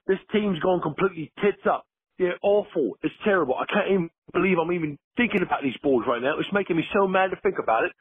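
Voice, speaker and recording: A man's voice: sits high, fast talker, husky, no echo. A man doing a furious English football fan. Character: angry English male fan. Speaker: caller. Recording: tinny phone line.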